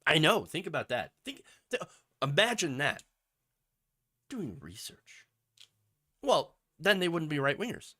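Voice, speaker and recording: A man's voice: on the high side, big pitch swings, moderate pace, sharp tone. A man hosting a political commentary show, talking sarcastically over news clips with mocking asides.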